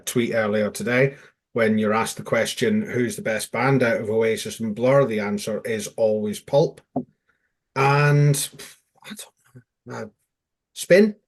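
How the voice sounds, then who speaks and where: A man on a fan podcast panel, speaking at a plain middle pitch. He jokes around and tells loose, anecdotal stories about going to the match. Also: fairly even intonation, takes it slowly. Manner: jokey and anecdotal. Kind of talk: casual chat.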